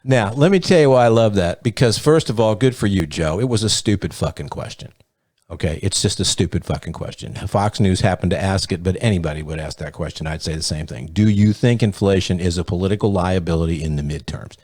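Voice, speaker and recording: A man's voice: deep voice, fairly quick, darkish tone, no room sound, studio quality. A man hosting a podcast, giving blunt, profane, sarcastic commentary in a casual way. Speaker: podcast host.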